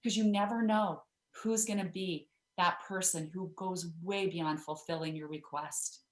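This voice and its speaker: A chatty woman guest on an interview show, her voice sitting a little low for a woman. She talks freely with plenty of fillers and restarts. The sound comes through roomy and echoey. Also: steady tone, measured pace. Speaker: guest author. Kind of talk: interview storytelling.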